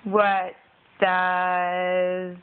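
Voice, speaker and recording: A woman's voice: fairly low pitch, monotone, very slow. A young woman at home patiently asking a toddler the same questions over and over in a home video. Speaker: parent quizzing a toddler. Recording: phone-like home video with faint noise.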